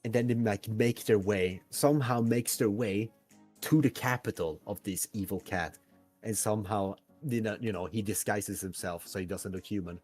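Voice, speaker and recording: A Swedish man whose first language is Swedish co-hosts a casual podcast, loosely brainstorming a story idea in a rambling style packed with fillers. His husky, darkish voice sits lowish and moves at a moderate pace, with soft music in the background.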